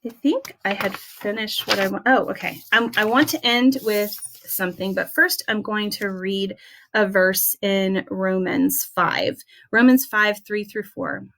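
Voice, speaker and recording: Young woman running a class, earnest and gentle, lots of little ums, middle pitch. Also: unhurried. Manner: earnest, gentle, many soft fillers. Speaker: essential oils class leader. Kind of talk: heartfelt motivational class talk.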